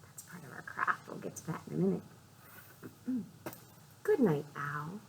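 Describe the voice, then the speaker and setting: A woman librarian reading a picture book aloud to young children, speaking slowly and expressively, asking the children questions and whispering for suspense. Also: deep voice, lively intonation, vocal fry, noisy background.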